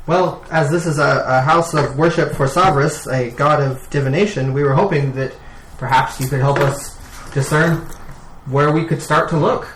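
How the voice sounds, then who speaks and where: A man's voice: a little high, steady tone, normal speed, fairly bright tone, a little hiss or hum. A man playing a tabletop game, talking hesitantly with many fillers, recorded in a roomy space. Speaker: player.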